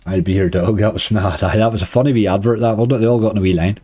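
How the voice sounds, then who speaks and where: A hoarse man with a Northern Irish accent, chatting casually to viewers on a live stream. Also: fairly low pitch, steady tone, racing, dark tone, no room sound. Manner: chatty, uses "wee" and "like" often. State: hoarse, dry throat. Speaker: slots streamer.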